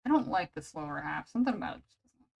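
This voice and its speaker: A woman's voice: lowish voice, animated, vocal fry, a little mellow, low-quality recording. Chatty woman streamer saying "bro" constantly. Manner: rambling and chatty, says "bro" and "man" constantly; reacts to chat with quick laughs and exaggerated outbursts. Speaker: streamer drawing commissions. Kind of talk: casual live-stream chat.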